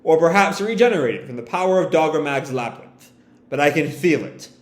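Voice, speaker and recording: A man's voice: on the high side, animated, brisk, lightly acted. A man reading aloud the lines of a grave, ancient male dragon in a comic, in his own voice. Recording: echoey room.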